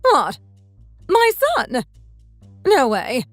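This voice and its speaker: A woman's voice: high-pitched, wildly swooping pitch, drawn-out words, dry recording, faint music behind, full character voice. A woman voicing a spiteful, domineering mother-in-law around sixty who scolds and insults, in a dramatized text-story reading. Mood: shocked.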